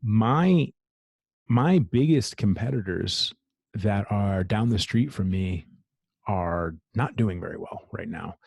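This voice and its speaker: A man's voice: on the low side, gravelly, dry recording. A man who runs a gym speaks in a casual interview. He talks bluntly, swears freely and pushes ahead with drive. The sound is close and dry. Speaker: gym owner, guest.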